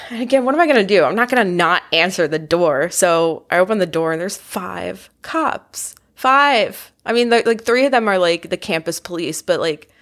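A young woman in her twenties tells a story on a podcast in a somewhat low voice. She laughs a lot as she talks and acts out what other people said. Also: normal speed. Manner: animated, laughs often, acts out quotes. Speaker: podcast guest. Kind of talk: casual storytelling chat.

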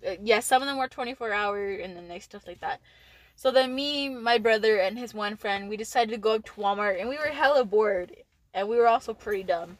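A woman's voice: medium pitch, no echo. A teenage girl casually telling a story to her boyfriend, swearing and laughing often. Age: teens. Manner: laughing, swearing, fast story with lots of likes. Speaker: podcast co-host.

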